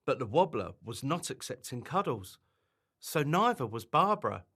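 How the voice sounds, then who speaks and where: A man reading a children's bedtime story aloud, in an animated and expressive way. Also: medium pitch, moderate pace, breathy edge.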